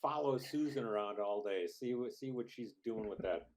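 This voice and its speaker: A man playing a tabletop game as a player, deadpan and cheeky. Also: fairly low pitch, normal speed. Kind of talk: tabletop game role-play.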